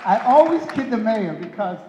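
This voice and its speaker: Emcee, man, bright high voice, teases guests with quick jokes; booming hall reverb, crowd murmur behind. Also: big pitch swings, dull audio, noisy background. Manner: playful, teasing, punchline timing. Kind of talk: joking emcee introductions. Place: hotel ballroom event.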